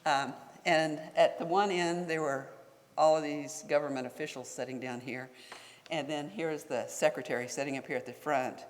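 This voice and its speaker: Guy telling a story at a symposium, wry and chuckly, kinda high voice, long hall echo. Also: fairly even intonation, moderate pace. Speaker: tribal leader. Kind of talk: anecdotal speech at a symposium. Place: conference hall.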